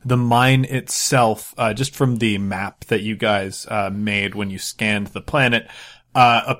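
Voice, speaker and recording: A man's voice: lowish voice, steady tone, unhurried, a bit bright. A man running a tabletop game as game master, rambling with many fillers.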